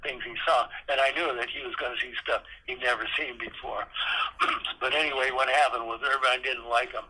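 On a podcast interview with poor audio and a bit of hiss or hum, an eighty-something retired theme park designer shares salty, candid stories. He acts out old conversations in a medium-pitched voice that's bright and forceful.

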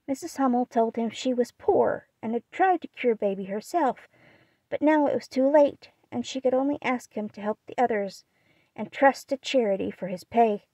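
A gentle, shy young girl, as a woman reads her, soft and earnest in manner. Her voice sits high, heard in a dry, close audiobook reading. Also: normal speed, no room sound. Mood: sad.

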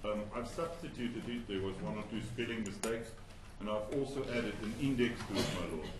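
A man, an advocate arguing formally in a courtroom, measured and deferential, with some hesitations. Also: on the low side, background noise. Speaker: advocate addressing a judge.

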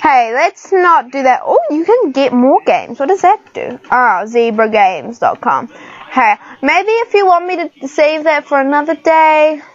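A woman's voice: sits high, expressive, a little slow, muffled recording. A woman, chatting and giggling casually as she talks through a computer game for her channel. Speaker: gaming channel host. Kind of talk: casual screen-recorded gameplay commentary.

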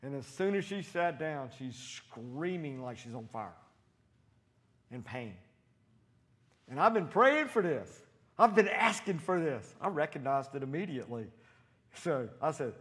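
A man preaching a sermon in a church, animated and storytelling, acting out voices as he quotes people. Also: fairly high pitch, measured pace. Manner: animated, acts out quotes with loud shouted voices.

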